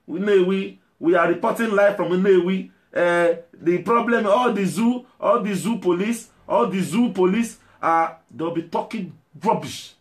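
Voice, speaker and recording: A stumbling male activist reporting live to camera, put on mockingly by a Nigerian man. He halts, hums and repeats himself in a Nigerian accent. His pitch rides a little higher and his pace drags. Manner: halting, hesitant, repeats words, mocking.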